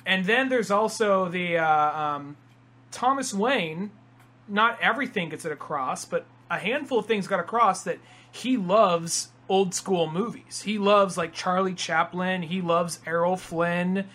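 A man hosting a casual podcast chat, rambling and acting out other people's lines in quick impressions. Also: high voice, pushed and bright. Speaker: podcast host.

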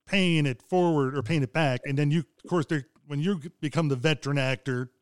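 Chatty male interviewer, higher smooth voice. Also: a little fast, dry recording, clean studio sound. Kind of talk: casual interview talk.

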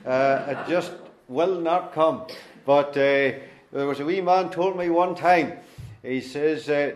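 A man's voice: a little high, slow, echoey room. A middle-aged man with a Northern Irish accent, a guest preacher introducing himself in a homely, folksy way before reading scripture. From Northern Ireland. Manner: homely, folksy, with gentle self-deprecating humour. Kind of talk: sermon introduction and Bible reading.

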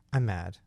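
A young man co-hosting a podcast, chatting casually and telling stories in an animated way with crude jokes. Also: no echo, clean studio sound. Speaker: podcast co-host. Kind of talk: casual chat.

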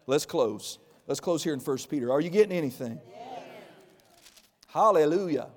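Fiery forties pastor, slightly high voice, shifting between loud and hushed, in a reverberant hall. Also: male voice, animated, moderate pace, long pauses. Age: 40s. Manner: emphatic, swings from loud bursts to quiet intimate asides. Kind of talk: sermon.

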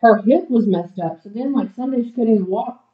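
A woman's voice: fairly high pitch, fairly quick, distant mic. A woman co-hosting a podcast, talking in an earnest, conversational way. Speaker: podcast co-host. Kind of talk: casual chat. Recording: dull, set back from the mic.

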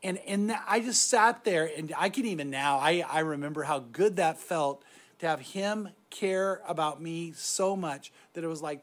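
A middle-aged man giving a reflective devotional talk on meditation, soft-spoken and often trailing off quietly. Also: a little high, measured pace. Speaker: Christian speaker guiding meditation.

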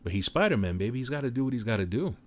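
A man casually retelling a movie plot in an animated way, with offhand swearing. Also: mid-range voice, rapid-fire. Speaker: film recap commentator.

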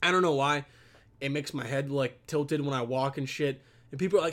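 A man's voice: medium pitch, fairly quick, fairly bright tone. A young man venting to his camera in a rambling, profane rant, filmed on a camera set on his computer. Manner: profane, rambling, swears constantly. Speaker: vlogger.

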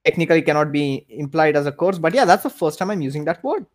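A man's voice: fairly high pitch, animated, fast. A man co-hosting a podcast in casual chat, talking with hesitant, stammering restarts. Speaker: podcast co-host.

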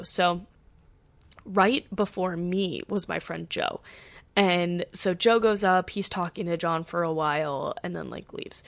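A woman's voice: lowish voice, no echo. A young woman hosting a podcast, telling a story in a gushing, chatty way with many "like"s. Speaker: podcast host. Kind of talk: casual storytelling.

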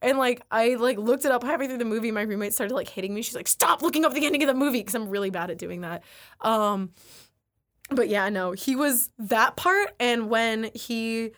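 A young woman in casual podcast chat, her voice sitting a touch high. She talks in a loose, chatty way, leaning on "like" constantly and animating the stories she retells. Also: normal speed, a bit bright.

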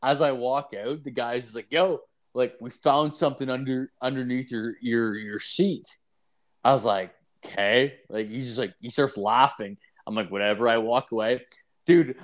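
A young man, co-hosting a podcast and telling a rambling, profane story full of "like". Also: medium pitch. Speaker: podcast co-host. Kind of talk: casual podcast chat.

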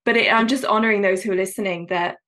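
A British-accented woman in a mid-range voice leads a relaxed podcast conversation. She tells anecdotes at a lively clip and moves easily into her questions. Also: mid-range voice, fast. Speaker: podcast host. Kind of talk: conversational interview.

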